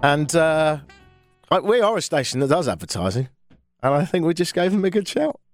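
A man's voice: fairly high pitch, big pitch swings, normal speed, soft background music. A middle-aged man from England with a London accent, hosting a call-in radio show in a chatty, jokey, self-mocking way. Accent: London English. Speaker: radio phone-in host. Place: radio studio.

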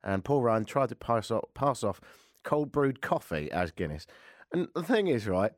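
In clean, dry studio audio, a British man in his forties hosts a radio show with a mid-range, sing-song voice at a moderate pace. His casual monologue wanders and pokes fun at himself.

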